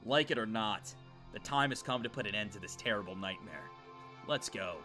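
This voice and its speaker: A man voicing a grim, grieving teenage boy hero, reading game dialogue aloud in a quiet, solemn way. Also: fairly low pitch, normal speed, over music, pitched below the performer's own voice, natural voice.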